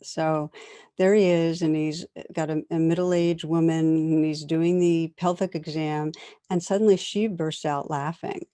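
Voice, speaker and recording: A woman giving a dharma talk as a meditation teacher, gentle and reflective, often laughing softly as she tells stories. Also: sits low, steady tone, a little slow, smooth, dry recording.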